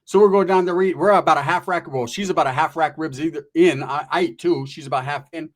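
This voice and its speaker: A man's voice: a little high, fast talker. A man telling a rambling comic story in crude, profane language, acting out the people he quotes.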